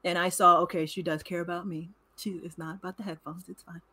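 A woman's voice: lowish voice, flat delivery, fast talker, sharp tone, slightly rough. A woman co-hosting a podcast who talks frankly and with emphasis about friendship and honesty, in a casual chat. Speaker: podcast co-host.

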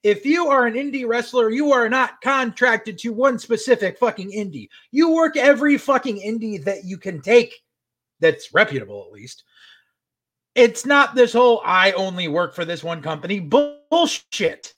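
Speaking at normal speed with an extremely high-pitched voice, this man co-hosts a podcast and runs through a show's recap. The chat is casual and lively, loaded with profanity, and he performs the characters' lines himself.

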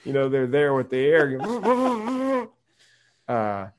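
A man's voice: a little high, sing-song, drawn-out words. A man from the United States, a podcast guest, talking candidly in casual conversation and laughing often while telling stories.

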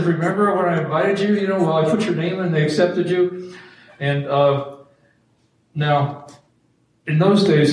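A man's voice: medium pitch, darkish tone, a little hiss or hum. Man telling his story in an echoey hall. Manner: conversational, self-deprecating, many fillers. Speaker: speaker giving testimony. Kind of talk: personal faith testimony. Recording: very echoey room, distant mic, faint ambience.

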